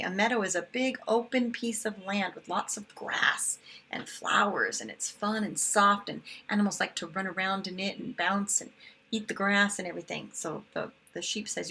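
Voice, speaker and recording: A woman's voice: medium pitch, moderate pace, gravelly, sharp tone, breathy edge. A woman teaching kindergarten, chatting simply to small children as she retells a picture book with paper puppets. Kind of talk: storybook retelling lesson for young children.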